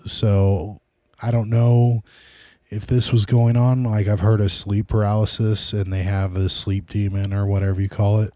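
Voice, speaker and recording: A man's voice: lowish voice, little pitch movement, normal speed, dark tone, no room sound. A man hosting his own podcast, rambling loosely and casually in a solo monologue. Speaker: podcast host.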